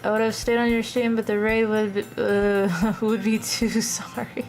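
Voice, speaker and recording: A young woman live-streaming a visual novel, reading its lines and chatting with her viewers. Her voice sits in an ordinary middle pitch and she laughs often. Faint game music plays behind her. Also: level tone, normal speed, a little mellow.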